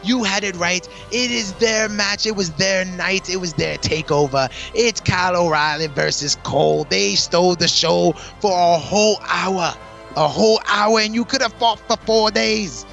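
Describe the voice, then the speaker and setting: Bright, high-voiced hyped man co-host. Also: normal speed, gravelly, muffled recording, faint music behind. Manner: enthusiastic, hyped, playful. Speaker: co-host of a wrestling show. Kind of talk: casual chat.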